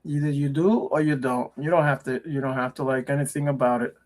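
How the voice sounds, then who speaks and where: A man's voice: medium pitch, steady tone, a little fast, a little mellow. A man chatting casually on a livestream, confidently sharing firm opinions. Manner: confident, opinionated about religion. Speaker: livestream co-host. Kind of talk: casual chat.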